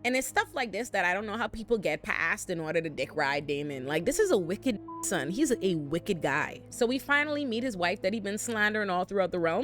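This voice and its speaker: A woman's voice: medium pitch, animated, fairly quick, few pauses, fairly bright tone, soft background music. A woman hosting a casual TV recap, sassy and profane as she tells the story. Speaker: host.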